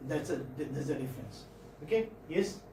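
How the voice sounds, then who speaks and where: A man with an Indian English accent giving a classroom phonetics lecture, halting and often checking in with students. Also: on the high side, expressive, background noise. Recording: roomy classroom audio from far off.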